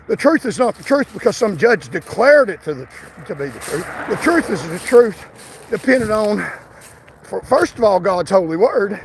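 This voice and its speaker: A man's voice: high voice, a little hiss or hum. A man, livestreaming a defiant, repetitive rant while walking outdoors toward a bridge. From Tennessee. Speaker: political livestreamer.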